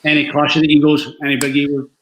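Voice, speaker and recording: A man's voice: fairly high pitch, completely flat delivery, fast, highs cut off, a crowd in the background. A man hosting an interview, asking laid-back, matey questions in a casual chat. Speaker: interviewer host.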